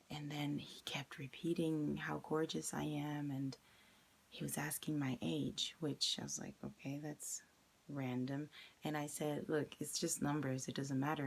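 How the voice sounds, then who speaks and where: A woman's voice: sits low, vocal fry, husky. A young woman candidly recounting a personal experience in a vlog, acting out the quoted lines as she retells them. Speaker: vlogger.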